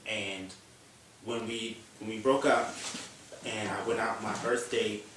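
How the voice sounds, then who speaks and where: A man, a talk-show guest, talking about his own past in a hesitant, halting way. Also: lowish voice, steady tone. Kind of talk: casual chat. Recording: echoey room, distant mic, faint noise.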